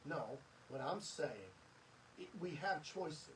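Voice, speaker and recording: A man's voice: on the high side, slow pace, fairly bright tone, recorded from a distance, slight background noise, low-quality recording. A middle-aged man hosting a podcast, giving an earnest, preachy motivational monologue with lots of emphatic repetition. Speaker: podcast host.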